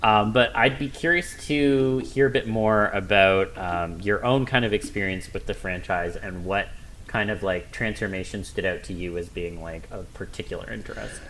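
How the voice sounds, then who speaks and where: A man's voice: fairly low pitch, normal speed, fairly bright tone, poor audio. A man hosting a podcast, laid-back and chatty, steering the talk with questions and short interjections. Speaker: podcast host. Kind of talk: casual chat.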